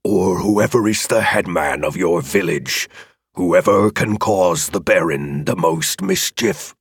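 A man voicing a huge menacing male dragon in an audiobook, with a deep, gravelly, rumbling voice and slow, drawn-out threats. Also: dry recording, studio quality, full character voice. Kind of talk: audiobook character voice.

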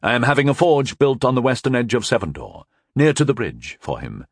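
Dutiful knight advisor, courtly and measured, lively pitch, dry close sound, read by a male narrator. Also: dry recording. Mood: earnest. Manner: courtly archaic phrasing, measured. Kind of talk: audiobook character voice.

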